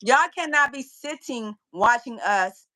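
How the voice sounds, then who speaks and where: Bright-voiced woman giving motivational talk. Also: fairly high pitch, a little slow, poor audio. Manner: animated, preachy, repeats key phrases. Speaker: fitness business owner, guest. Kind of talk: motivational storytelling chat.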